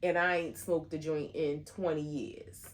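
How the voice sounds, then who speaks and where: A middle-aged woman, co-hosting a casual couple podcast in a relaxed, affectionate, teasing way. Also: low-pitched, unhurried, heavy background noise. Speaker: podcast co-host.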